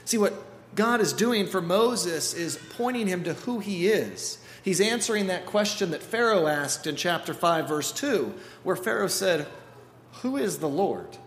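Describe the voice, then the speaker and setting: A man's voice: sits high, unhurried, a little hiss or hum. Preaching man in an echoey hall. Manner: animated preaching, acting out quoted voices. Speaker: pastor. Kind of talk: sermon. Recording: echoey hall with faint ambience.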